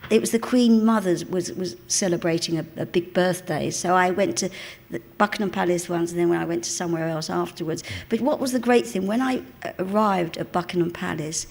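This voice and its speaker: Speaking a little fast with hardly any pauses, the guest actress has a lowish, gravelly, darkish voice. She's a Cockney woman in her seventies from London's East End, recounting anecdotes and voicing the people she quotes during a live on-stage interview before an audience in a cinema auditorium.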